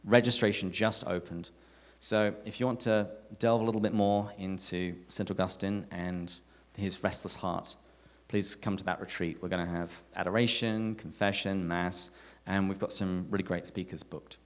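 A man with an English accent giving a live talk to an audience, telling stories with animated, self-mocking humour. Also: low-pitched, moderate pace. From England. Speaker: speaker at a parish talk night. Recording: echoey hall reverb.

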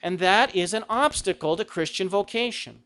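A man's voice: sits high, moderate pace, a bit bright, clean tone. A middle-aged man giving a conversational talk on Christian vocation, asking rhetorical questions. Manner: acts out quoted lines with a raised voice. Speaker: Catholic speaker.

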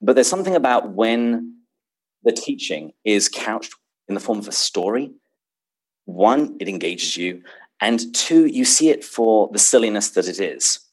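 Man, low-pitched, podcast guest, articulate, laughs easily. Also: animated, measured pace, rough recording. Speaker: podcast guest, speaker on C. S. Lewis. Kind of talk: casual interview chat.

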